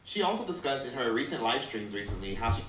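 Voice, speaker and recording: A man's voice: medium pitch, very animated, fast talker, a bit bright, distant mic, slight background noise. A man giving blunt, profane commentary on an influencer's downfall, recorded off mic in an echoey room. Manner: blunt, swearing. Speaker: commentary YouTuber.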